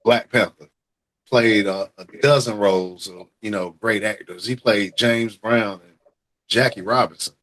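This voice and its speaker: A man's voice: on the low side, measured pace, a bit bright, rough recording. A man hosting a casual talk podcast, rambling in an easygoing way with lots of fillers. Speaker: podcast host. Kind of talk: casual chat.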